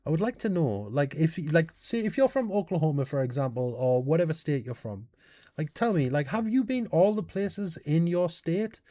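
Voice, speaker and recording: A British man hosting a casual reaction video, animated and thinking out loud with questions and exclamations. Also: on the high side, moderate pace, no echo, clean studio sound. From United Kingdom.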